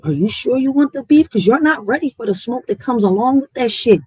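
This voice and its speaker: A woman with a fairly high voice rants bluntly on her livestream, swearing freely. Her talk is animated and heated. The sound is dry and close, with no room echo. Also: a little fast, husky. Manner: blunt, profane, animated venting. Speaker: livestream host. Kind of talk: casual livestream rant.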